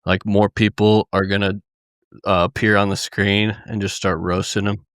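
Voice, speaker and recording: A man hosting a podcast, relaxed and joking as he reads out listener questions. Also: fairly low pitch, normal speed, clear, resonant tone, no echo, clean studio sound. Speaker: podcast host. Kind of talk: casual podcast chat.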